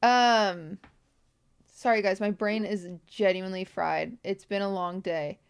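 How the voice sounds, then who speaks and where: A woman's voice: mid-range voice, fairly even intonation, unhurried, smooth. A young woman streamer talking to her viewers on a livestream, tearful, rambling and apologetic. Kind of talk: emotional livestream talk.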